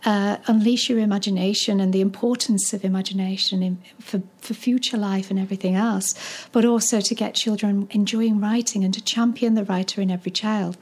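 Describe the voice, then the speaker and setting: A woman who founded a children's charity speaks a little fast at medium pitch, her tone steady and slightly mellow. She's eager and enthusiastic in a conversational interview, yet hesitant, full of ums, fillers and restarts.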